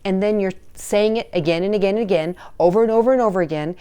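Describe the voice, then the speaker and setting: A woman's voice: mid-range voice, fast, mellow, clear, resonant tone. A woman who works as a teen relationship coach, giving casual, chatty advice straight to the camera and checking in with parents with "all right?" and "okay?".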